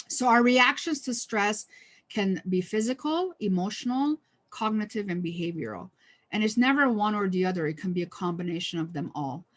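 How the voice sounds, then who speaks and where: A woman's voice: mid-range voice, fairly bright tone. Chatty woman leading a stress workshop. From United States. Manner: conversational, many fillers and restarts; lightly humorous. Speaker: workshop trainer. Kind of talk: online training presentation.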